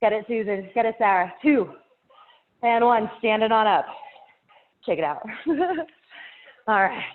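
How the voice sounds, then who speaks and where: A woman's voice: medium pitch, normal speed, pauses often. Breathless woman fitness instructor counting reps. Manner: encouraging, counts down reps, laughs between cues. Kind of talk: live workout class cueing. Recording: tinny phone-like audio.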